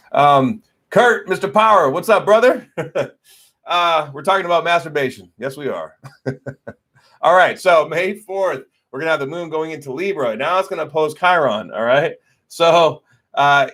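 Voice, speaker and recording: Slightly high-pitched with lively intonation and a fairly bright tone, this astrology host takes an unhurried pace on his casual livestream. His talk is loose and profane, thick with fillers, and he answers viewers' comments along the way.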